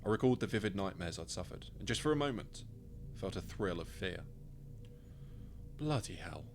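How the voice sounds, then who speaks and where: Low-voiced man reading a story. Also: lively intonation, fast talker, faint music behind. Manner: dry, wry storytelling. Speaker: author reading his own story. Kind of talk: first-person scripted narration.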